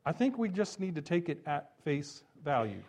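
A man preaching a sermon, telling the story with animated swings from emphatic peaks to quiet low asides, chuckling between points. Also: normal speed. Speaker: pastor.

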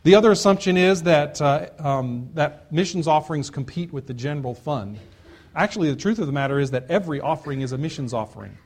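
A pastor preaching from the pulpit in a slightly high, clear male voice. He drives each point home with emphatic repetition. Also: lively intonation, fast. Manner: earnest preaching with repeated emphatic phrases. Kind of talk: sermon.

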